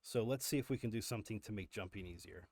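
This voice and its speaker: A man's voice: on the low side, fast, gravelly, a little mellow. A man hosting a live stream, explaining step by step as he works, with frequent fillers and restarts. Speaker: livestream host. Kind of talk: live coding walkthrough.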